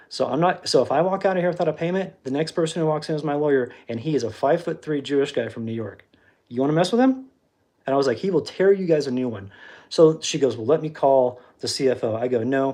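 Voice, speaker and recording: A man telling a story on a livestream in a casual, animated way, acting out the quoted exchanges with frequent restarts. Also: mid-range voice. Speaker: livestream host.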